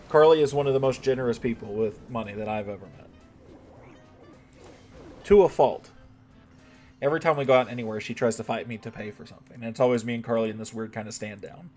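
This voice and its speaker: A man chats loosely with his live stream audience while he plays. He jokes, teases, and swears freely. His voice sits at a middle pitch, with soft music playing underneath. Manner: joking, talks to chat, swears. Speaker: game streamer. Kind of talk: casual live-stream chat.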